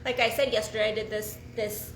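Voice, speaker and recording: Woman, high-pitched, bright, frank and profane, casual solo talk, echoey room. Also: brisk, slight background noise. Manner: frank and profane, animated, restarts often. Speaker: sex and relationship coach.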